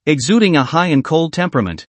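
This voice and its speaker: A man narrating a story recap in a steady, scripted storytelling manner. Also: on the high side, fast, no echo.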